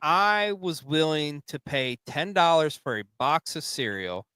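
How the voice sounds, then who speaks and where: A man's voice: on the high side, expressive, unhurried, bright, forceful tone, clean tone, no room sound. A man hosting a wrestling podcast in casual chat, emphatic and swearing freely. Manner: emphatic, heavily profane. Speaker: podcast host.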